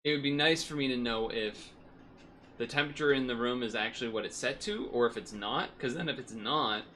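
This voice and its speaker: A man's voice: medium pitch, a little hiss or hum. Rambling man chatting on stream. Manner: rambling, self-correcting, relaxed. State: hot and sweaty. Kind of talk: casual stream chat.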